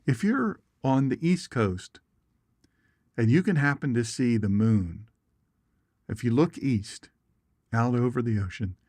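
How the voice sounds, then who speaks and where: A man with a medium-pitched voice hosts an informal Bible teaching show, talking slowly with frequent pauses. He's folksy, chatty, and animated, tossing in jokes and asides and reading viewer comments. The studio sound is clean, with no echo.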